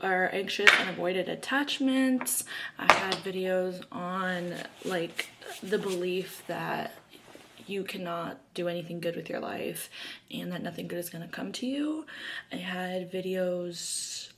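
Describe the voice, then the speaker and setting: A woman's voice: medium pitch, slight background noise. A woman, chatting casually to camera about herself while doing her makeup. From Arizona, USA. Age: early 20s. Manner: chatty and bubbly, heavy use of "like" fillers. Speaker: YouTuber.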